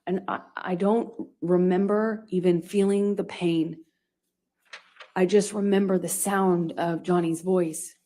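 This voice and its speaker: A woman giving courtroom testimony in a halting way, with many restarts and pauses. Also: lowish voice, fairly even intonation, mellow. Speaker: witness testifying.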